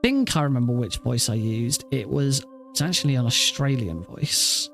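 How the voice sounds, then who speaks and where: A man's voice: mid-range voice, lively intonation, normal speed, creaky, a bit bright, faint music behind. A man streaming a speedrun, talking casually and rambling, often restarting his sentences as he fixes his setup. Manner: rambling, self-correcting, chatty. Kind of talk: casual live-stream chat.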